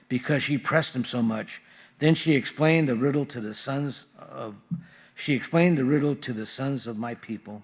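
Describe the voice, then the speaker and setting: Conversational male pastor teaching scripture. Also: medium pitch. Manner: casual, conversational teaching with frequent fillers. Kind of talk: verse-by-verse sermon. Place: church sanctuary.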